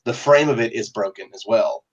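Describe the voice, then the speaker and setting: A man narrating as game master in a relaxed, chatty way with many fillers. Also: medium pitch, brisk, highs cut off.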